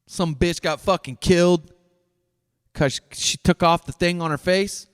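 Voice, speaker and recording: A man's voice: high voice, fairly even intonation, unhurried, clear, resonant tone. A middle-aged man hosting his own podcast, delivering a blunt, profane solo rant. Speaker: podcast host. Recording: dry voice with long reverb tail.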